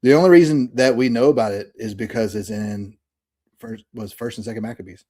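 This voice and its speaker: A man in his thirties co-hosting a casual podcast over a remote call, rambling with fillers and quick bursts. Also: medium pitch, darkish tone. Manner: rambling, many fillers and restarts, bursts of speed. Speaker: podcast co-host. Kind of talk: casual chat.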